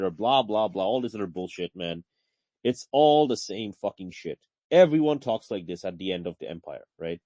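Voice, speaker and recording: A man's voice: lowish voice, big pitch swings, normal speed, darkish tone, no room sound, muffled recording. A man hosting a casual political chat, ranting heatedly with plenty of swearing and "bro". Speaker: podcast host.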